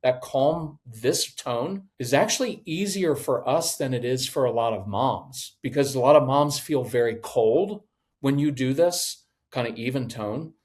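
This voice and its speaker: A middle-aged man, a parenting educator, giving direct coaching advice in a podcast interview and acting out parents and kids in quick voices. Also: medium pitch, darkish tone.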